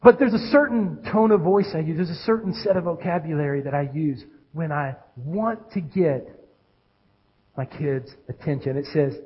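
High-voiced preacher with animated delivery. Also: male voice, moderate pace, slightly rough, lo-fi sound. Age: adult with children. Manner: animated preaching, swinging between loud calls and hushed lows. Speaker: pastor. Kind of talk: sermon.

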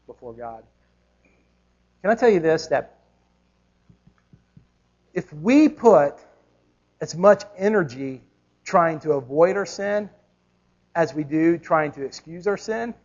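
A man's voice: a little high, darkish tone, highs cut off. A man preaching a sermon as a pastor, emphatic, with rhetorical questions and repetition.

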